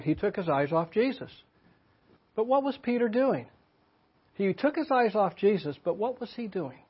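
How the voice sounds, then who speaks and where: A man's voice: sits high, slightly rough. An older man giving a sermon in a church, teaching in a conversational way and asking the congregation questions. His voice sounds slightly muffled. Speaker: pastor. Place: church meeting room.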